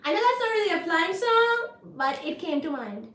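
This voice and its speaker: A lively woman hosts a casual livestream, chatting with viewers and reading their comments. Her voice sits high and bright, bouncing playfully between greetings. The room around her rings with a noticeable echo. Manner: animated, playful, greets viewers in rapid repeated bursts. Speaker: livestream host.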